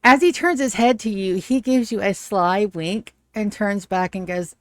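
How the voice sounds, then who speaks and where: A woman runs a tabletop game, describing scenes in a relaxed, casual voice. She sits close to the mic, and the sound is dry, with no room echo. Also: mid-range voice, a little slow. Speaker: game master.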